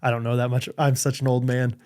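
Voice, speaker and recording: Speaking fast in a mid-range voice with a level, darkish tone, this man co-hosts a podcast and leads a casual quiz. His delivery is giggly and hesitant, with lots of laughter and ums.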